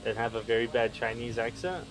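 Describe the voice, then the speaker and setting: Male co-host, quick questioning banter, easygoing. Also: mid-range voice, poor audio. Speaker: podcast co-host. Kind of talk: casual comedic chat.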